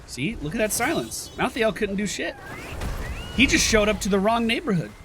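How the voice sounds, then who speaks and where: A man's voice: high voice, big pitch swings, moderate pace, noisy background. A man giving casual let's-play commentary, chatting through the abilities as he plays and reacting to the action. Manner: chatty, explains abilities while playing. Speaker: gameplay commentator.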